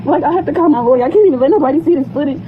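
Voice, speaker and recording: A woman's voice: high-pitched, rapid-fire, phone-quality sound, background noise. A mother confronting school staff indoors, distraught and pleading, repeating her accusing questions, filmed on a phone.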